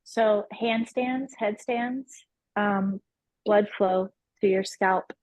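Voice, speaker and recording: A woman's voice: mid-range voice, fairly even intonation, extremely slow, darkish tone, poor audio. A woman chatting casually on a webinar video call. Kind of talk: casual chat.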